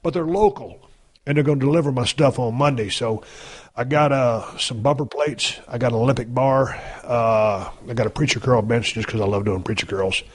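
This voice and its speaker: A man's voice: mid-range voice, normal speed. A man in his fifties hosting a podcast, talking in a casual, blunt and heavily profane folksy monologue. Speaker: podcast host.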